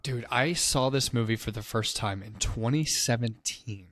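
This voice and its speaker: A man's voice: mid-range voice, normal speed, a bit bright, dry recording. A man co-hosting a movie podcast, retelling the plot in a loose, swearing casual chat. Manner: swears often, acts out quotes loosely. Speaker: podcast co-host.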